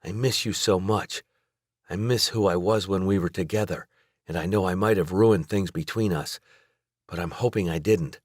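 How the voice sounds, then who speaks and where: An earnest, emotional young heroine of a romance audiobook, put on by a male narrator who lifts his deep voice for her. Her speech climbs high when she is moved. The recording is dry and close. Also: normal speed, no room sound. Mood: tearful.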